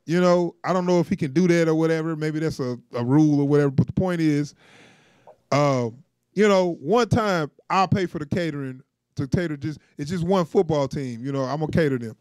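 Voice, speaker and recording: A man co-hosting a casual reaction chat, laughing often and acting out quotes in an animated way. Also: on the high side, fairly quick, clean tone, no room sound, studio quality. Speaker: co-host.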